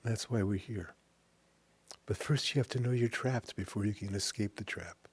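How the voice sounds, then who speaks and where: A man with a somewhat low, husky voice talks as a spiritual teacher. He recites verse slowly and sometimes sinks to a breathy whisper. His delivery is reflective and unhurried. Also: steady tone, dry recording.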